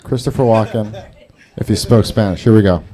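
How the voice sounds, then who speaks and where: This comedian, whose heritage is Salvadoran and Brazilian, speaks fairly quickly in a warm, fairly low voice. Performing at an open mic in a small garage, he jokes at his own expense, rambles, and swears his way through plenty of crowd work.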